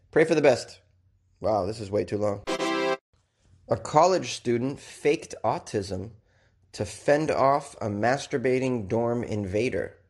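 A man's voice: mid-range voice, a little mellow. A man hosting casual news commentary, joking and rambling with self-deprecating asides. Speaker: podcast host.

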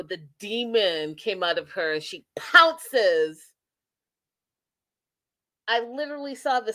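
A woman hosts a reality TV recap podcast with a lively, opinionated delivery. She talks casually at a middle pitch and slips into quick impressions of the people she's discussing. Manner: animated, opinionated, acts out quotes. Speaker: podcast host reviewing reality TV.

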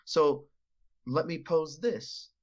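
A man's voice: a little high, takes it slowly, dull audio. A man co-hosting a casual sports talk show, rambling, with many restarts and hedges. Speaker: podcast co-host.

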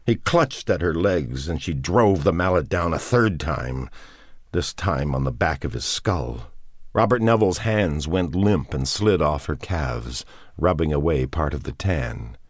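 Very deep-voiced male narrator, measured. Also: animated, no echo, clean studio sound. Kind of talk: scripted audiobook narration.

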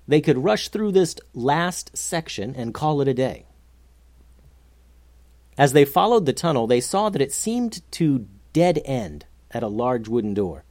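A storyteller narrating an adventure story for children in an animated, expressive way. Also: mid-range voice, no echo.

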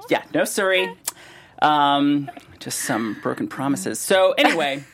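A man's voice: a little high, expressive, a little slow, a bit bright. A man hosting a casual comedy chat, playful and teasing, wandering off on tangents. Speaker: podcast host.

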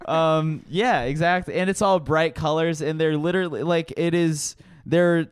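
A comedian man chats casually, stumbling over restarts and swearing easily. His voice is smooth and clear, slightly higher than most men's, and the sound is dry and close. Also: fairly even intonation, normal speed, dry recording. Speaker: comedian, podcast co-host. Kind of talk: casual chat.

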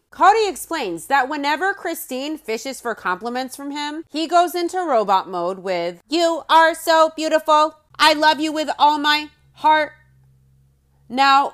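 A woman with a mid-range voice hosts a recap podcast. She talks in a blunt, sarcastic way and throws in mocking, exaggerated quotes. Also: mid-range voice. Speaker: podcast host. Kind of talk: recap commentary monologue.

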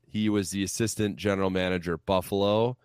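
A man's voice: deep voice, steady tone, fast talker, darkish tone, smooth, no echo, clean studio sound. A man co-hosting a casual sports chat, joking and rambling with some profanity. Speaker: podcast co-host.

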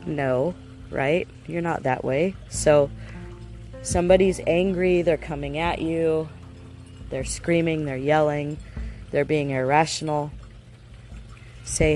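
A man's voice: fairly high pitch, fairly even intonation, slow pace, long pauses, a little mellow, faint music behind. A man giving a casual self-help lesson in an earnest way, asking his listeners rhetorical questions.

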